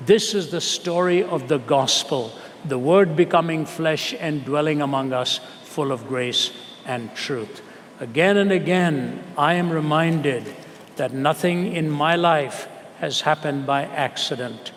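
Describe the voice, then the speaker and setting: An earnest male preacher tells a story and presses his listeners with rhetorical questions, slowing down to stress key words. His voice sits fairly high for a man. The sound rings with the long reverb of a large hall over a faint background hiss. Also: fairly bright tone. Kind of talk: storytelling sermon. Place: large hall with a live audience.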